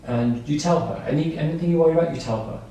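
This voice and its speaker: A man's voice: fairly high pitch, fast talker, dark tone, distant mic, a little hiss or hum. Man lecturing in an echoey room. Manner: simple, repetitive explanations with examples. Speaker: staff trainer. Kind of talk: training lecture. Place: training room.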